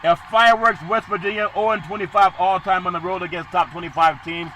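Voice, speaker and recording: A man hosting a sports podcast, previewing college football games with excitable, emphatic bursts. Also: high-pitched, quick pace, slight background noise, low-quality recording.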